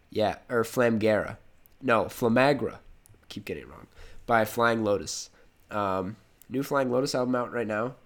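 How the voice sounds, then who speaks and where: A young man with a cold hosting a casual podcast, rambling and correcting himself, laughing easily. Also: fairly low pitch. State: has a cold. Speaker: podcast host.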